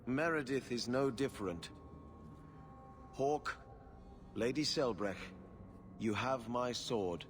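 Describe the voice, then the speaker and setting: An actor playing a resolute noble knight in video game dialogue, speaking in a solemn, formal manner. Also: male voice, mid-range voice, slow, long pauses, slight background noise, natural voice.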